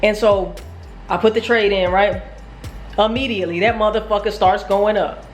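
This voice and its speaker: A woman's voice: mid-range voice, fairly even intonation, moderate pace, reverberant, soft background music. A woman telling a casual, profane, self-mocking story about her day trading. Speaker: trading vlogger.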